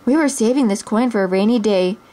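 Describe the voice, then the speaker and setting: A woman voicing a kind, humble male church mouse who speaks gently and earnestly, in a storybook reading. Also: a little high, fairly quick, natural voice.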